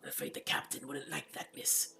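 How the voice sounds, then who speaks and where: A man voicing a gruff male reptilian guard lieutenant in a read-aloud fantasy story, speaking low, quiet and steady. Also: fairly quick. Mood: calm.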